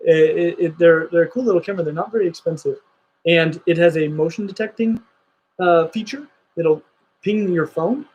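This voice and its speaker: A man's voice: on the high side, moderate pace, darkish tone, slightly rough, highs cut off. An enthusiastic man hosting a casual livestream chat, talking in rambling bursts with restarts. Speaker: host.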